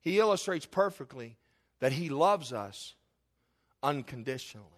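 A man's voice: mid-range voice, animated, moderate pace. A middle-aged man, a pastor preaching a sermon with fervour, calling out to his congregation with questions and appeals. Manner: impassioned preaching with rhetorical calls to the congregation.

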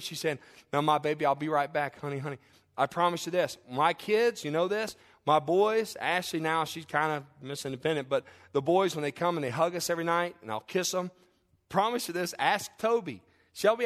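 A middle-aged male pastor preaching a sermon, telling lively family stories and then easing into a soft, hushed close. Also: on the high side. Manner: animated storytelling that drops to a soft, hushed close.

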